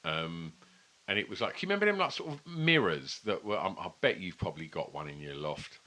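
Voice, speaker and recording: Deep-voiced sweary man telling stories. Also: sing-song, brisk, bright, forceful tone. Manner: rambling, sweary, chatty storytelling. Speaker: podcast co-host. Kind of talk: casual chat over beers.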